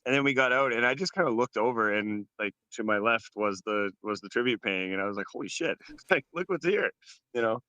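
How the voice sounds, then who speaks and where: Low smooth guy, kinda bright tone, lots of ums and laughs. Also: fairly even intonation, fast talker, few pauses, no room sound, highs cut off. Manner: hesitant, lots of fillers and laughs. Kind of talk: casual livestream chat.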